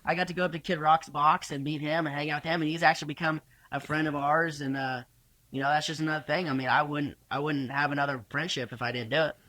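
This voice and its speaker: Young man, bright, forceful voice, casual storytelling, profane, restarts a lot. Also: fairly high pitch, quick pace, dry recording. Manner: energetic, profane, stumbling restarts. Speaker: podcast guest, rodeo rider.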